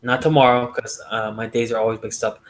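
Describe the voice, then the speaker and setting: A man's voice: mid-range voice, level tone, fairly quick. A man co-hosting a podcast in casual chat, rambling with many fillers and repeated words. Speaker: podcast co-host.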